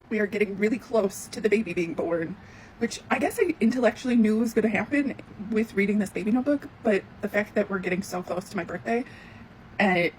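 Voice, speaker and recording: A woman's voice: medium pitch, a little mellow, a little hiss or hum, rough recording. Reflective woman in her forties reading aloud. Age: 40s. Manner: reflective, halting, many fillers like 'like'. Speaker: host. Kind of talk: reading aloud a parent's old notebook and reflecting.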